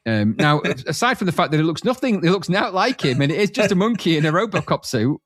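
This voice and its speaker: A man's voice: on the high side, sing-song, quick pace, dry recording. Dry, sweary man, close and dry. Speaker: podcast co-host. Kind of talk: casual chat.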